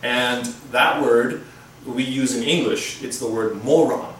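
A man's voice: mid-range voice, slight background noise. Echoey preaching man from afar. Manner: conversational preaching with pauses and restarts. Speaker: pastor. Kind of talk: sermon. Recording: echoey room from far off.

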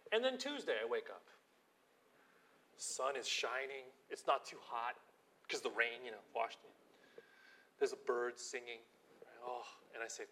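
A pastor, a man, preaching a storytelling sermon, acting out scenes and dropping to a hushed prayerful voice. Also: medium pitch. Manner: animated storytelling, acting out quotes, drops to quiet prayerful tones.

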